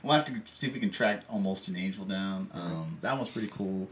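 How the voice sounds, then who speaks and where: A man's voice: low voice, expressive, a little fast. Rambling man on a distant mic. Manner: rambling, filler-heavy, laughs often. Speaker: podcast co-host. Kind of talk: casual movie discussion. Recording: distant mic with faint background noise.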